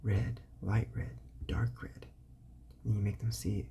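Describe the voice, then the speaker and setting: A host giving parenting advice in a whispered ASMR talk, sounding out words slowly and softly, with casual fillers and self-corrections. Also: low-pitched, little pitch movement, gravelly.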